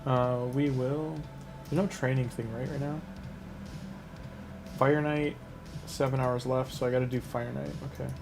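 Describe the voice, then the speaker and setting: A man's voice: medium pitch, level tone, unhurried, creaky, pauses often, over music. Chatty man streaming a game. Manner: chatty, rambling, talks to chat, laughs easily. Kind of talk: casual live-stream commentary while playing.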